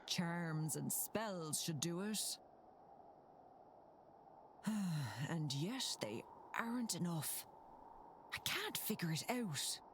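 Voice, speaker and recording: Game role: a slow-spoken Irish hedge witch, low voice, sing-song earnest lines. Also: animated, a little hiss or hum, exaggerated voice. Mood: troubled. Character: worried Irish folk witch guarding the land.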